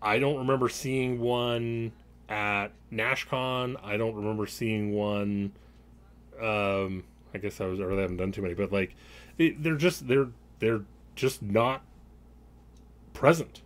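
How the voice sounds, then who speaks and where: A man's voice: fairly low pitch, a little slow. A man hosting a podcast in casual chat, rambling through his points and laughing often. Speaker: podcast host.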